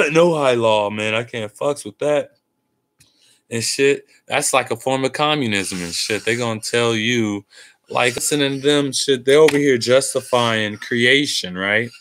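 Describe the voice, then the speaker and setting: A man's voice: medium pitch, measured pace, a bit bright. A tired man talking in a casual, rambling monologue, cursing freely and using street slang. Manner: profane, meandering, street slang. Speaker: host.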